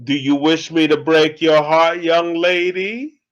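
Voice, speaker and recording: A man mimicking a sinister male djinn posing as a professor, speaking smoothly and menacingly with a British accent, in a dull lo-fi recording. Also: a little high, fairly even intonation, slow. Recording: dull lo-fi audio.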